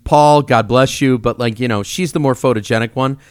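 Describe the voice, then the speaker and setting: A man's voice: medium pitch, fairly even intonation, smooth, no room sound. Guy bantering on a podcast, medium voice, dry sound. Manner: quick banter, self-deprecating. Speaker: podcast co-host, campus minister. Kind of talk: casual chat.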